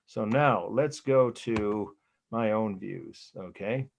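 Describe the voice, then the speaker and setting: A man's voice: lowish voice, slow, gravelly, slight background noise. An older man with an American accent giving an art history lecture in a rambling, chatty way, full of fillers and restarts. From United States. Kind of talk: casual lecture with anecdotes.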